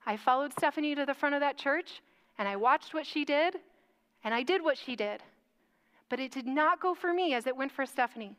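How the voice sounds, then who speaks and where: A woman giving a sermon as an animated, self-mocking personal story with acted-out quotes. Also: high voice, a little fast. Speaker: speaker telling a personal story in church.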